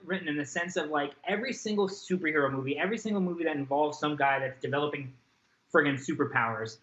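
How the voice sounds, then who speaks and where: A man co-hosts a casual podcast in an animated, performative way, acting out reactions as he talks. His voice is bright and forceful and fairly high for a man. It comes through an echoey room on dull, lo-fi audio. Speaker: podcast co-host. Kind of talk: casual chat.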